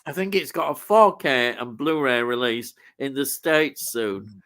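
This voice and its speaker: Reading out viewer comments on his live stream, a Yorkshire-accented man from Leeds, England, speaks at a measured pace in a mid-range, fairly bright voice. He keeps things easygoing, laughs often, and says "aye" and "lad".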